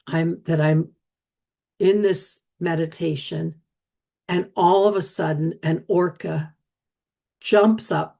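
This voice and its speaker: A middle-aged woman talks slowly and earnestly, circling back and repeating herself as she tells a reflective story. Her voice sits low and has a gravelly edge. It is also a little husky. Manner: slow, earnest, with frequent restarts and soft repetitions. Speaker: podcast host and speaker on energy medicine.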